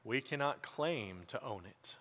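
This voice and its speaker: A male pastor giving church announcements and then a sermon, halting with fillers at first and then preaching emphatically. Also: medium pitch, lively intonation, pushed and bright. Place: church sanctuary. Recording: long church reverb.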